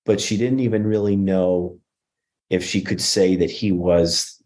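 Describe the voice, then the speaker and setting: A man's voice: low voice, steady tone, measured pace, darkish tone. A man telling a personal story as a podcast guest, earnest, with frequent restarts and acted-out quotes. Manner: earnest, restarts often, acts out quoted speech. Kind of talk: conversational storytelling.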